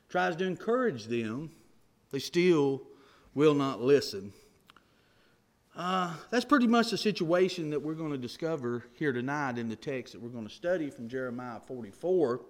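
Male preacher, sermon, folksy storytelling, fairly high voice, church. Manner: folksy storytelling, repeats words as he goes.

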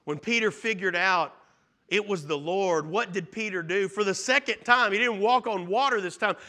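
A male pastor preaching with a high, bright, forceful voice. He retells scripture earnestly, rising to loud emphasis and dropping to hushed tones. The delivery is sermon-style throughout. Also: normal speed.

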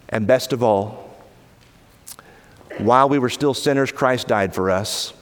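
A man's voice: a little slow, long pauses, long reverb tail. A man preaching a sermon in an earnest, pleading manner, his voice rising when he quotes. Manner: earnest, pleading, rises in pitch when quoting.

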